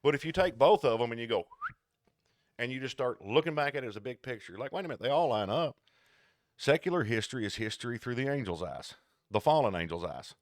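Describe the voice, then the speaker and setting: A man co-hosting a casual podcast chat, talking in an animated, digressive, jokey way. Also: medium pitch, fast talker, no room sound, studio quality. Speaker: podcast co-host.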